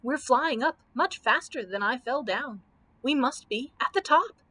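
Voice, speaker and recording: A jittery straw scarecrow frets over every danger, as a woman reading aloud puts him on. He sounds a little high and hurried in this storybook telling. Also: animated, sharp tone, slight background noise, full character voice. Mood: nervous. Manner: anxious, hurried lines. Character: nervous male scarecrow made of straw.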